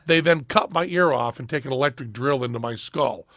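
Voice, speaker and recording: A middle-aged man hosting a podcast, telling a story in casual chat and loudly acting out the people in it. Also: mid-range voice, fairly quick, dry recording. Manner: animated, shouts and acts out quoted people. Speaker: podcast host.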